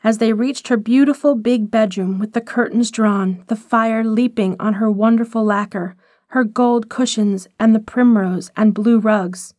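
A woman reads a short story aloud in scripted narration, measured and expressive in her delivery. Her voice sits fairly high. The recording is dry and close. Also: no echo.

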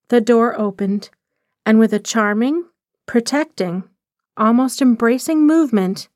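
Woman storyteller reading literary fiction; measured and expressive, fairly high voice, dry close sound. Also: dry recording. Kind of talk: scripted narration of a short story.

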